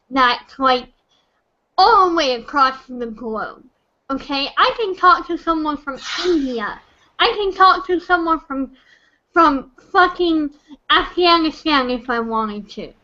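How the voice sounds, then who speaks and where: Young woman, very high pitch, slow drawn-out speech, drunk, tearful, stammering, swearing, dull lo-fi voice chat. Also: bright, forceful tone. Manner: stammering, repeats herself, swears. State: tearful, on the edge of crying. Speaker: caller in an online chat room. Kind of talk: emotional rant.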